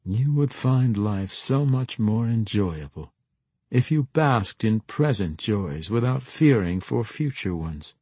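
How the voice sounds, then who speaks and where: A man voicing a sly, charming male rogue in a fantasy audiobook, smooth and teasing. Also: on the low side, expressive, slow pace, darkish tone, no room sound, exaggerated voice.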